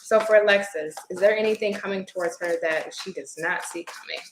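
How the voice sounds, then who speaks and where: A woman doing a live-stream tarot reading, chatty and expressive, greeting viewers by name. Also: mid-range voice, brisk, echoey room, a little hiss or hum, rough recording. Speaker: tarot reader.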